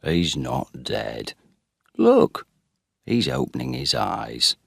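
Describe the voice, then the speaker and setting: Calm older farm brother, low measured voice, slow, played by a man. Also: gravelly, slightly rough, no room sound, clean studio sound, full character voice.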